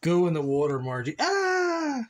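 A man's voice: a little high, expressive, a little slow, a bit bright. A man vlogging casually at home, chatting to viewers and teasing his dog in a rambling way. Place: home yard and house, partly outdoors.

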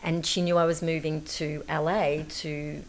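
A woman tells anecdotes on a talk show. Her voice sits a little low, and she often laughs as she talks, filling her stories with ums and you-knows. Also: little pitch movement, moderate pace, a little hiss or hum. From Australia. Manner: chatty, laughing storyteller, many fillers. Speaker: guest actress.

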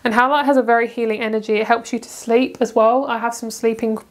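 A young British woman doing a casual tarot card reading, gushing and excitable, often breaking into laughter. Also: on the high side, quick pace. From Britain. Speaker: tarot reader.

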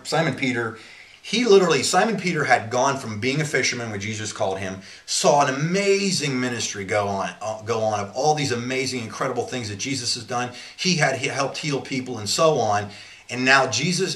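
A man's voice: medium pitch, fairly bright tone. Earnest man teaching scripture, echoey room. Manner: earnest, rambling, often restarts sentences. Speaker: Bible teacher and businessman. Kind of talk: informal Bible teaching.

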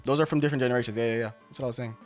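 A young man streaming a game, talking in loose, slangy, joking commentary. His voice sits at an everyday middle pitch. Faint game music runs behind him. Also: steady tone, racing. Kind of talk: let's-play commentary.

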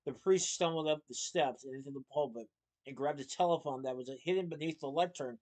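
A man reading a children's novel aloud, lively, with small slips and playful asides. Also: on the high side, a little fast. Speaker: storyteller.

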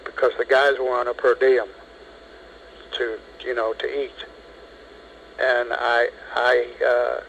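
Man, 70s, phone interview; lively storyteller who acts out the quotes, mid-range voice. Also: medium pitch, slight background noise, low-quality recording. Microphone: telephone.

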